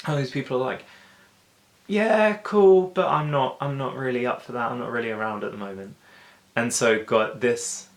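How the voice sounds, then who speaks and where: Chatty man teaching in an echoey room. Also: mid-range voice. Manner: chatty and informal, acts out excuses in quick asides. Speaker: daily Bible video host. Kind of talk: casual Bible teaching.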